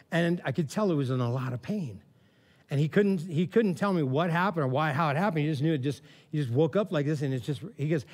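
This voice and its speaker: A pastor with a fairly high-pitched voice preaches conversationally, animated and story-driven, leaning on "man" and "all right" again and again. His delivery swells into loud, excited preaching.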